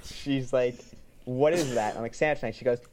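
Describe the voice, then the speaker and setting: A young man, a podcast co-host, telling a lively family story and quoting each line of dialogue. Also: medium pitch, normal speed, noisy background. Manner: animated, quotes people in dialogue. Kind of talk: casual storytelling chat.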